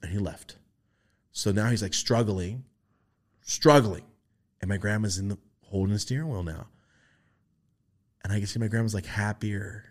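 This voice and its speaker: A man telling a long family story in casual podcast chat, profane and animated, putting on the voices of his relatives. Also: lowish voice, normal speed, pauses often. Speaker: podcast host.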